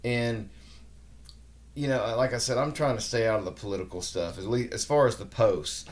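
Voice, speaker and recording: A man's voice: mid-range voice, normal speed. A man in his forties, a podcast guest, talking bluntly with frequent swearing and jokes. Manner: blunt, profane, joking. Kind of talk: casual chat.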